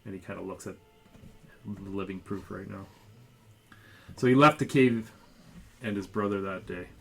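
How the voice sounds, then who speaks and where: A man running a tabletop game, narrating the story in an unhurried way. His voice is low and gravelly, and clear music plays behind him. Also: fairly even intonation, a bit bright. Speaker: game master. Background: background music.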